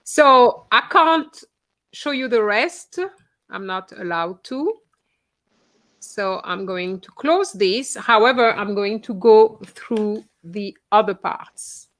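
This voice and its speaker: A woman's voice: medium pitch, expressive, slow, a bit bright. A woman teaching a French class online, explaining instructions patiently and checking in with her students.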